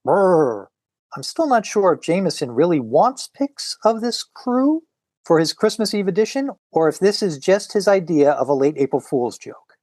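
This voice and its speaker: A man's voice: sits high, big pitch swings, moderate pace, darkish tone, no echo, clean studio sound, voice pushed up. A man voicing a wisecracking young photographer hero as he reads a comic aloud. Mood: wry.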